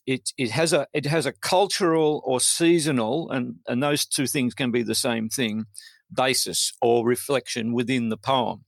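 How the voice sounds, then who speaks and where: A man's voice: medium pitch, creaky, dry recording. An Australian man, a poet guest, talking in a hesitant, wry way with many restarts in a casual interview.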